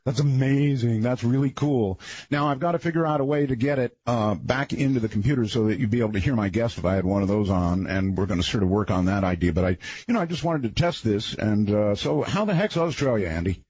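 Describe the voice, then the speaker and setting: A radio talk show host, a man with a husky voice, talking in a rambling, conversational late-night monologue with folksy asides. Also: medium pitch, fast, a little mellow, highs cut off.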